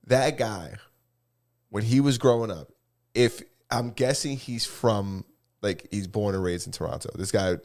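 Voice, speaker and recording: A young man from New York co-hosting a podcast, talking in a casual, animated, rambling way with lots of restarts. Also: mid-range voice. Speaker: podcast co-host. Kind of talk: casual chat.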